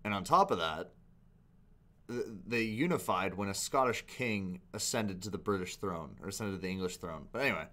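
A man's voice: low-pitched, animated, normal speed, fairly bright tone. A man hosting a reaction video, talking casually with rambling asides and frequent laughs. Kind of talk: casual commentary.

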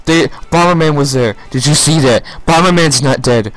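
A young man reacting live to a video presentation, excitable, shouting, swearing and gasping. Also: on the high side, measured pace, hardly any pauses, no room sound.

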